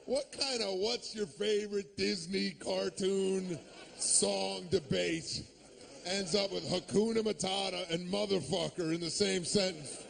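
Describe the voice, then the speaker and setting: A man's voice: sits high, steady tone, a little slow, vocal fry. A man performing a stand-up comedy set, sarcastic and ranting, cursing freely and acting out the people he quotes. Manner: profane.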